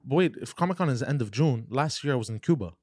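A man's voice: medium pitch, lively intonation, quick pace, darkish tone, no echo. A man co-hosting a podcast in laid-back casual banter. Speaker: podcast co-host. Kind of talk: casual chat.

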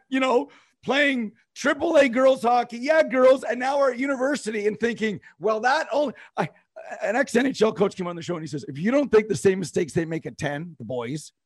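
A man co-hosting a sports talk show, animatedly recounting a game play by play. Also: extremely high pitch. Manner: animated, recounts plays, hums tunes. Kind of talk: play-by-play storytelling.

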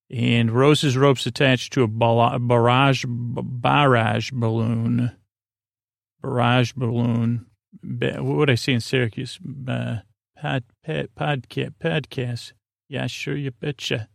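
A man hosting a sleep podcast, recapping an episode in a halting way, with many fillers and restarts as he quotes dialogue. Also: mid-range voice, creaky, dry recording, studio quality. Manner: retells dialogue in a flat quoting voice. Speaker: podcast host.

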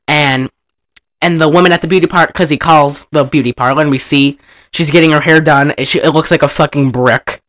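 A man casually retelling an old film, animated and profane, laughing often and acting out the characters' lines. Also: fairly high pitch, a little fast. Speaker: movie recapper.

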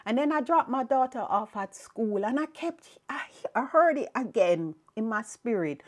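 A woman's voice: fairly high pitch, lively intonation, moderate pace, hardly any pauses. A woman hosting a podcast, telling a personal faith story in an earnest, reflective way. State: tearful, emotional. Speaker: podcast host.

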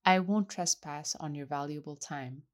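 A man's voice: fairly high pitch, normal speed, voice pushed down, lightly acted. A woman reader voicing a polite young clergyman with a refined way of speaking. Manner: courteous, refined speech.

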